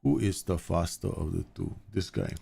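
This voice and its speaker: A man in his thirties hosts a live game stream in a low, gravelly voice. He talks in a loose, rambling, animated way, jumping between the game and stories from home. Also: moderate pace. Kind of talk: casual live-stream chat.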